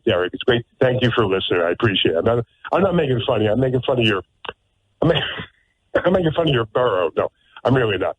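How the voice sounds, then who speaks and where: A man's voice: medium pitch, lively intonation, brisk, no room sound. A man hosting a talk radio show, talking in a sarcastic, emphatic way and often repeating words. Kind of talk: opinionated talk radio monologue. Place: radio studio. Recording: tinny narrow-band radio audio.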